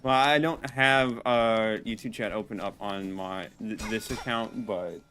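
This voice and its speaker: A man's voice: on the low side, fairly even intonation, a little slow, fairly bright tone, a little hiss or hum. A man streaming a video game, chatting casually as he plays, rambling, restarting words and talking to his viewers. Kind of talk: casual gameplay commentary.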